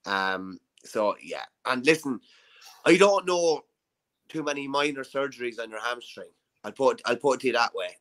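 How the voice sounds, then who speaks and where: A man's voice: mid-range voice, animated, moderate pace, a bit bright, low-quality recording. Chatty Irish man co-hosting sports talk. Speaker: podcast co-host. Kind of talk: casual sports chat.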